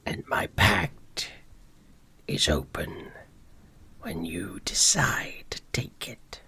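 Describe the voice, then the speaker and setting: A man voicing a fiend patron who offers a pact, in a slow, breathy, gravelly whisper as whispered role-play. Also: low voice, huge pitch swings, sharp tone, heavily acted. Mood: tempting. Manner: slow, tempting.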